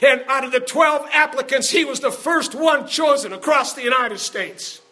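A preacher delivering a sermon with emphatic storytelling, building into shouted calls to the congregation. His voice is very high, and his tone is bright and forceful. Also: moderate pace.

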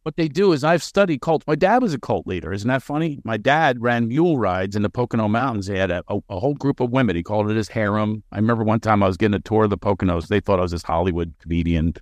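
Animated comedian man telling stories. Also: fairly low pitch, no echo, clean studio sound. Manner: energetic, jumps into quick character voices. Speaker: comedian guest. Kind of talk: animated podcast storytelling.

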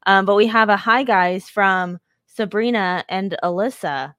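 A woman co-hosting a charity livestream in casual chat, chiming in with quick asides and shout-outs to viewers. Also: medium pitch, no room sound, studio quality. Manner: brief interjections, quick to chime in. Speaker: livestream co-host.

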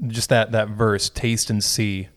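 A man co-hosting a podcast, leading a relaxed Bible study with dry jokes and frequent restarts. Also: lowish voice, slow pace. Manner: relaxed, dry joking, self-correcting restarts. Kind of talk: casual chat.

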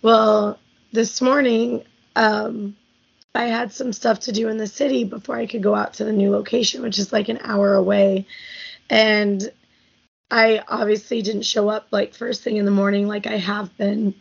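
A woman co-hosting a podcast in casual chat, hoarse after losing her voice, raspy and chatty, telling stories. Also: medium pitch, flat delivery, normal speed, dull audio. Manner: chatty storyteller, many "like"s. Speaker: podcast co-host.

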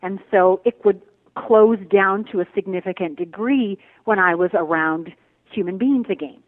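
A woman meditation teacher talks in a thoughtful, searching way, pausing often to find her words. Her voice comes over a tinny, narrow, phone-like line that sounds dry and close. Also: mid-range voice, dry recording. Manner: thoughtful, searching, with many "um" and "uh" pauses. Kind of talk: reflective spiritual interview talk. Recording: phone-like remote call audio.

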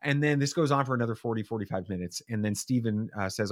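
A man with a somewhat low voice tells a long story as a podcast guest, animated and casual, slipping into other voices for the quotes. The sound is close and dry. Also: quick pace, no echo. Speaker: father.

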